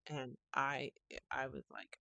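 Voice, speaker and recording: In a casual solo podcast monologue, the host rambles through a long tale full of restarts and retold phone calls. Her extremely low voice is slow, animated, bright and forceful, with vocal fry, and the dull audio has no echo.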